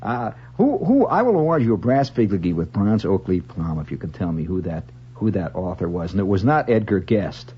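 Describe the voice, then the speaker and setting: A man's voice: sits low, big pitch swings, a little fast, few pauses, slight background noise. A man hosting a radio monologue, reciting verse wryly and rambling into stories with comic asides. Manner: rambling storyteller who slips into comic voices. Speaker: radio host. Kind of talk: late-night radio monologue. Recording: lo-fi 1970s radio broadcast with guitar behind.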